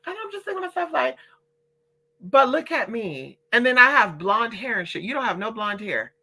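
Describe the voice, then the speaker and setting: A woman recounts a story in a casual storytime vlog, animated and heavy on profanity. Her voice is bright and forceful. She keeps slipping into quoted voices of other people as she tells it. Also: fairly high pitch, fast talker. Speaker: vlogger.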